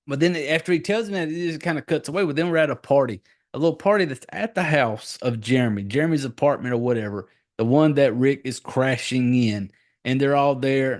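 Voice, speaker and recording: A man in his forties, a podcast host, giving a rambling, profane casual recap of a movie. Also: mid-range voice.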